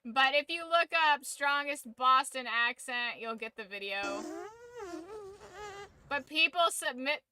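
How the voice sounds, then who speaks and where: A woman's voice: high-pitched, slow pace, pushed and bright, smooth. A woman streamer giving casual reaction commentary, muttering asides and swearing casually.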